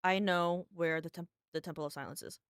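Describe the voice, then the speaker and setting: A woman's voice: on the low side, brisk, clean tone. A woman streamer giving rambling, casual commentary as she plays, thinking aloud and swearing often. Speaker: game streamer. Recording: streamer mic with loud game music.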